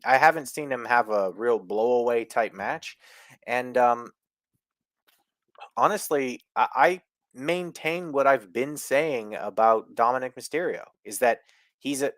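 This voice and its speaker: A Philadelphia man with a Philadelphia accent co-hosts a casual wrestling chat in a medium-pitched voice with no echo. He gives strong opinions in long, rambling takes packed with "like" and "you know."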